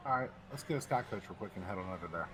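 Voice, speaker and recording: A man playing in a tabletop game, speaking quickly and plainly in casual chat. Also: low voice, lively intonation, noisy background. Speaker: player.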